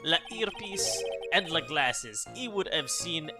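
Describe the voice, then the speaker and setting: A man puts on a flamboyant, flirtatious French restaurant owner with a hammy fake accent. The voice swoops up and down and drawls each word slowly. Video game music plays underneath. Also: a little high, expressive. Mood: theatrical. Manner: playful, sing-song, hamming it up. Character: flamboyant French male chef, theatrical and flirty.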